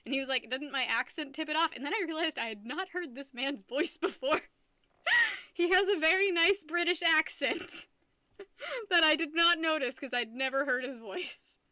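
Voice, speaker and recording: A woman's voice: sits high, moderate pace, pushed and bright, dry recording, studio quality. A young American woman streaming live, chatting casually with her viewers in a giggly, rambling way that keeps restarting sentences. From United States.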